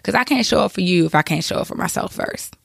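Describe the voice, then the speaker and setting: A woman's voice: lowish voice, expressive, fast, creaky, breathy edge, no room sound, clean studio sound. A woman podcast host with a cold, giving casual, chatty advice full of fillers and asides. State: has a cold.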